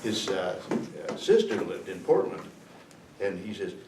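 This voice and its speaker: Older male veteran in his sixties, lowish voice, rambling chuckling storyteller, roomy echo, mic far off. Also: lively intonation, gravelly. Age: 60s. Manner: rambling, chuckling, halting with fillers. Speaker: veteran speaker. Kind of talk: storytelling to students. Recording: echoey room, distant mic, faint noise.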